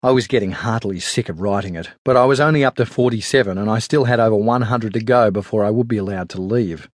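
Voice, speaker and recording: A man narrating an audiobook in a steady, even storytelling manner on a close studio mic. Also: fairly low pitch, quick pace, no echo. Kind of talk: scripted narration.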